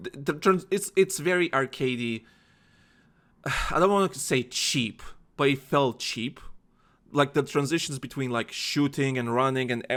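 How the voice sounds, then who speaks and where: A man's voice: mid-range voice, fairly bright tone. A man co-hosting a gaming podcast in casual chat, rambling with frequent restarts. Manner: rambling, restarts often, laughs and swears. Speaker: podcast co-host.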